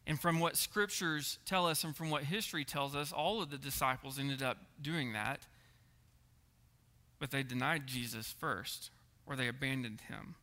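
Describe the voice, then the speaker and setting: Earnest preacher with a bright voice. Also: male voice, mid-range voice, moderate pace. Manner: earnest, repeats words and asks the room "right?". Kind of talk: sermon. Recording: echoey hall reverb.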